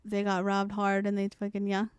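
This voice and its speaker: A woman's voice: mid-range voice, monotone, fairly quick, clean tone, dry recording, studio quality. A young woman, co-hosting a podcast and telling a story in a casual, profane way with frequent laughs. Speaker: podcast co-host. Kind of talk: casual chat.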